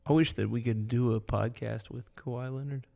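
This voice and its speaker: A man with a gravelly, creaky edge to his voice rambles through a casual podcast chat, piling up fillers as he goes. His voice rings with a long reverb, as if the room is large and echoey. He keeps things animated and loose. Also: mid-range voice, moderate pace. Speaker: podcast co-host.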